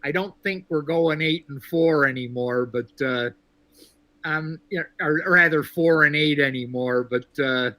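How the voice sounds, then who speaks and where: A man from Texas calling into a sports show, talking in a measured, wry way with lots of fillers. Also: fairly high pitch, sharp tone, no room sound. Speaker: caller. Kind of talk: casual sports call-in chat.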